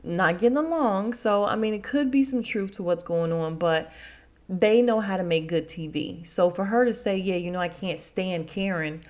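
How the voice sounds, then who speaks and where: A woman hosting a casual podcast, telling a story and acting out quotes with sudden jumps up in pitch. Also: normal speed, a little mellow. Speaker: podcast host recapping a reality show. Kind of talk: casual chatty recap.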